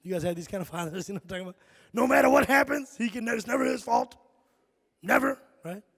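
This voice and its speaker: A man from Chicago performing animated stand-up comedy on a concert hall stage, often tossing "right?" to the crowd. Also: high-pitched, fast talker, slightly rough. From Chicago, USA. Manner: animated storytelling, frequent "right?" asides.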